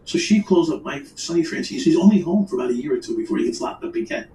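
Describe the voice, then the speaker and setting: A man's voice: fairly high pitch, animated, quick pace, mellow, roomy sound, far from the mic, a little hiss or hum, poor audio. A man telling a rambling, profane crime story in casual chat, full of restarts and quoted dialogue. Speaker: storyteller guest.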